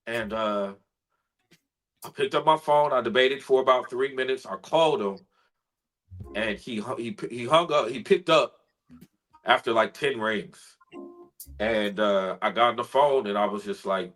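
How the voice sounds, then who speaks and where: A man, a spoken word artist, telling an emotional personal story in an earnest, heartfelt way, sometimes soft-spoken. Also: medium pitch, moderate pace, rough recording.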